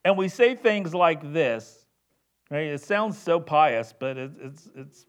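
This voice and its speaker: Slow-talking conversational male preacher. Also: a little high, expressive, clean tone. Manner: conversational, repeats words while building a point. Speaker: pastor. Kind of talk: sermon.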